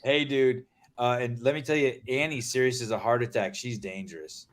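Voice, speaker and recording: A man hosting a casual podcast, excitable and swearing, trailing off into fillers and restarts. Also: mid-range voice, normal speed. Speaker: podcast host.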